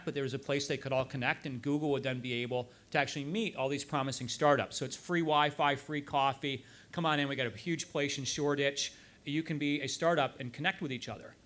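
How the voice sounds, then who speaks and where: Male guest speaker, slightly higher voice, anecdotal storyteller at a club event. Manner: anecdotal, quoting others in lively asides. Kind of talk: storytelling talk.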